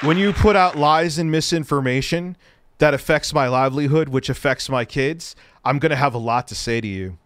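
A man hosting a livestream, ranting angrily with lots of profanity and sudden bursts of shouting, and he says he is stoned. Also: fairly high pitch, normal speed, a faint crowd. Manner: profane, angry, shouting at times. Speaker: livestream host. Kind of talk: heated livestream rant.

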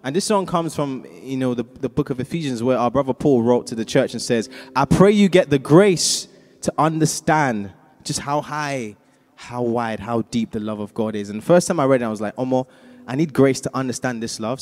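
A man's voice: medium pitch, brisk, a little mellow. A man leading a congregation in song, urging them to sing along between sung lines. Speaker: worship leader. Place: large church hall. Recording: live church hall with reverb and band.

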